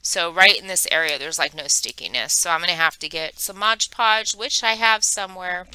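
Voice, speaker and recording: A middle-aged woman chatting casually at home as a crafting vlogger, rambling and filling pauses with ums. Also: lowish voice, bright, forceful tone, smooth, dry recording, low-quality recording. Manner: chatty and rambling, many fillers. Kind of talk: casual chat.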